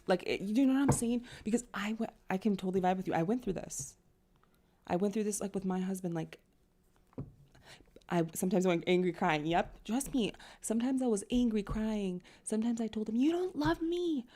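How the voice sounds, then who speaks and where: A woman's voice: medium pitch, a little fast, dark tone. A young woman giving a casual astrology and tarot reading, chatty and rambling, full of "like" and "you know".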